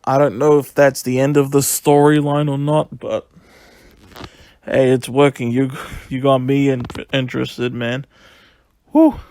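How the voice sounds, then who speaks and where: A man giving a casual, excitable solo review, retelling events in a rambling, chatty way. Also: mid-range voice, unhurried, no echo.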